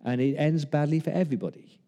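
A male pastor delivers a sermon in a mellow, warm voice, retelling Bible stories with humor and acting out the people in them. His words ring out with the long reverb of a church hall. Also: on the high side, quick pace.

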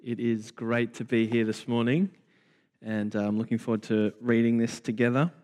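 A man, preaching a sermon in slow, deliberate phrases with repetition. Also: medium pitch, flat delivery, a little mellow. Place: church. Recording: long church reverb.

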